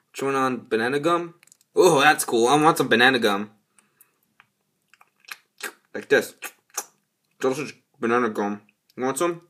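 A hobby performer voicing chatty little yellow creature workers in an amateur toy role-play, rambling and giggly. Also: medium pitch, slow pace, long pauses. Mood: playful.

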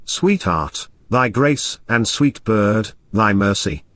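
A man's voice: fairly low pitch, expressive, takes it slowly, a bit bright, dry recording, clean studio sound, voice pushed down. A man reading as a lovesick young clerk. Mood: wooing. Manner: pleading, flowery endearments. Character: lovesick young male parish clerk, foolish.

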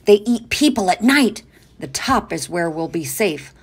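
A woman voicing an eager young boy leading a pretend adventure, bossy and excited. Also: lowish voice, a little slow, breathy edge, heavily acted. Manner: excited, bossy make-believe.

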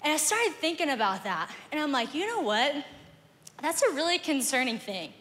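A young woman, a guest speaker telling a story in a sermon, animated and acting out both sides of a conversation on a stage microphone in a large church auditorium. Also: sits high, moderate pace, long reverb tail. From Southern United States. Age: young adult.

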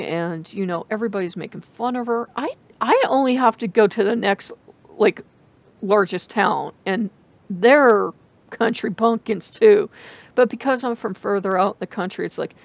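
A woman with a rural American country accent talks through a casual spiritual vlog, rambling and animated, with frequent laughs. Her voice sits in a middle range and comes through a dull, lo-fi recording. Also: medium pitch. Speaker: channel host.

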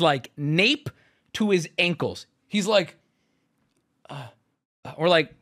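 Animated, lively-voiced male streamer storyteller. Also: high voice, slow pace, dry recording, clean studio sound. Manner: animated, profane, laughs often. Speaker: streamer host. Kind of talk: casual storytelling.

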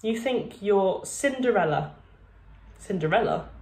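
A woman voicing a kind female school counselor who speaks calmly and reassuringly. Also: medium pitch, unhurried, roomy sound, slight background noise. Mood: gentle. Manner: calm, reassuring.

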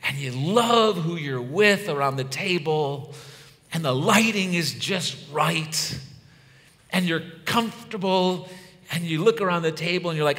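Pastor guy in his 50s preaching, bright ringing voice, big hall echo, goes loud then real quiet. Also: on the high side, moderate pace. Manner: conversational, swings from loud emphatic to hushed and soft. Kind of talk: sermon. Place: church hall. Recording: long hall reverb.

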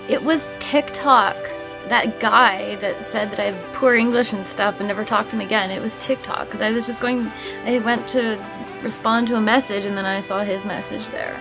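A woman's voice: mid-range voice, fairly even intonation, normal speed, over music. A woman vlogging at home, chatting to the camera as she moves between rooms, laughing often and poking fun at herself. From Canada. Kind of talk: casual vlog chat to camera.

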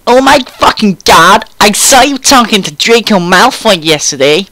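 A man voicing an excitable teenage goth girl who gushes gossip in a squealing, high-pitched way. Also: normal speed, no room sound, heavily acted. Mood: excited.

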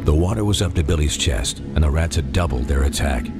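A man narrating a dark audiobook in measured, dramatic storytelling. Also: a bass voice, animated. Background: music.

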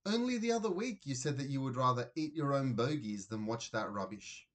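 A man voicing an excitable, gushing mother who works as a nail technician, in a children's storybook reading. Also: mid-range voice, brisk, lightly acted.

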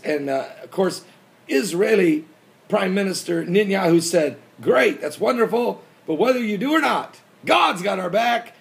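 A man hosting a prophecy commentary show, preaching with emphasis and bursting into shouts. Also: high-pitched, gravelly.

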